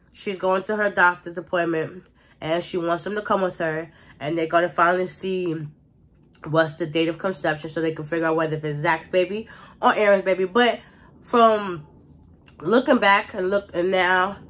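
A woman vlogger recapping a TV episode in a casual, gossipy way, full of "like" and quick laughs. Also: lowish voice, fairly bright tone. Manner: chatty, gossipy retelling with frequent "like" and laughter.

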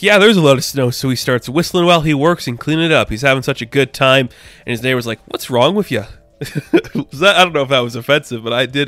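A man's voice: mid-range voice, a bit bright, smooth, dry recording. A young man giving a casual comic book review, rambling and enthusiastic with lots of filler words.

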